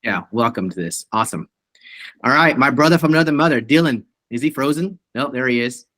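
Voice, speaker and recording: Upbeat male host with a bright voice, heavy on praise. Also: medium pitch, lively intonation, brisk, no room sound. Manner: upbeat, effusive praise, says awesome often. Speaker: meeting host. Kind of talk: hosting a team video meeting.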